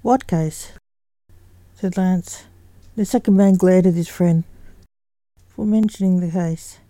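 A woman reading a story aloud at an even, unhurried pace. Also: fairly low pitch, no echo.

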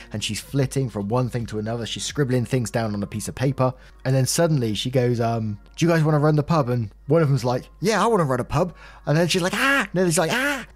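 A male host reads online posts in a chatty, conversational way and comments on them with apologetic asides. His voice sits at a middling pitch. A soft music bed plays faintly behind him. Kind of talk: casual reading and commentary.

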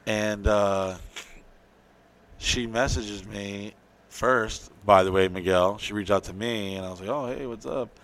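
Guy on a podcast rambling crude stories, bright forceful voice, swears a lot. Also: on the low side, fairly even intonation, takes it slowly. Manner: profane, rambling storyteller. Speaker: podcast co-host. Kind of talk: crude casual podcast banter.

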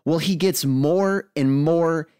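A man co-hosting a podcast, telling a funny parenting story in a playful, animated way. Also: on the high side, takes it slowly, clean tone, dry recording. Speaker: co-host, father. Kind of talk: casual storytelling.

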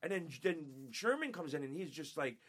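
Guest: man from upstate New York, fairly high voice, swears freely, acts out quotes while telling radio stories. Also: brisk. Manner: profane, animated, laughing, acts out quotes. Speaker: guest, former radio show staffer. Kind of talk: casual storytelling chat.

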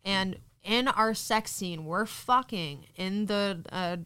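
Woman hosting a live podcast, blunt and chatty, laughs a lot, mid pitch. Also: slow, pushed and bright, clear, resonant tone, no room sound. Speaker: podcast host. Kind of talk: casual chat, live podcast.

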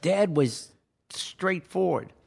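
A man's voice: high-pitched, animated, slow, vocal fry, darkish tone, slightly rough. An older man and podcast host telling a personal story in a casual, earnest way that grows impassioned and pleading.

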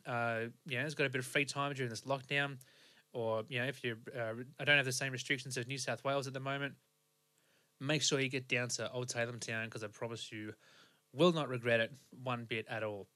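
A young man with an Australian accent tells his story in a loose, meandering way, circling back and restarting his sentences. His voice sits at an ordinary pitch with a bright, forward edge. It is a casual podcast monologue. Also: flat delivery, fairly quick. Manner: rambling, many fillers and restarts. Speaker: podcast host.

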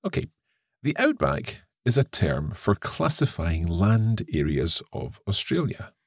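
A Scottish man co-hosting an English lesson podcast, reading a text aloud and explaining words clearly. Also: fairly low pitch, very animated, unhurried, no echo, studio quality. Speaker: co-host and English teacher.

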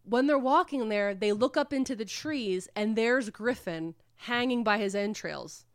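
A woman casually recapping a book plot on a podcast, rambling and animated, with swearing. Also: on the high side, a little slow, dry recording, clean studio sound. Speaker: podcast co-host retelling a book. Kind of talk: casual chat.

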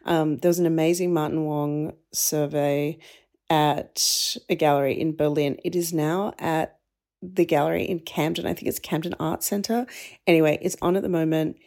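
A woman's voice: sits low, fairly even intonation, moderate pace, darkish tone. A woman podcast co-host chatting in a breezy, rambling way in a casual voice memo. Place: walking around a city, sending voice memos.

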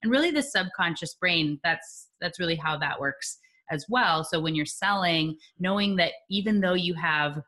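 Woman, interview guest, lower pitch, bright tone, lively explaining. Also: normal speed. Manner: lively, explains with acted-out examples and laughs. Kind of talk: conversational interview.

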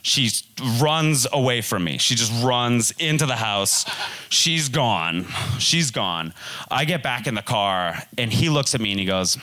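A man's voice: mid-range voice, lively intonation, a little slow, pushed and bright. A man in his twenties from the Boston area, telling a comic personal story on stage with big swings for punchlines and quoted voices. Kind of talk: live comedic storytelling.

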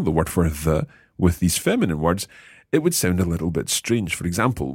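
A man hosting a language lesson, patiently explaining Italian words and slowing down to repeat phrases. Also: sits low, a little mellow, breathy edge, dry recording, clean studio sound. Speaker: language course host.

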